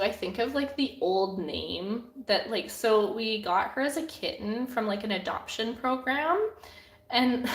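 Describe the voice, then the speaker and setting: Young woman chatting slow and giggly on a home stream, lots of likes, roomy sound. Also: mid-range voice. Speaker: artist hosting a live Q&A. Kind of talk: casual live-stream chat. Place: at home with her cats. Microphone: camera on a desk.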